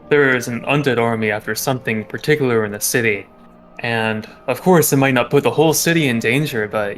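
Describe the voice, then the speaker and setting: A man playing a tabletop game, speaking relaxed and plainly in character. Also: medium pitch. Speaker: player. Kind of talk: casual in-character talk at a game.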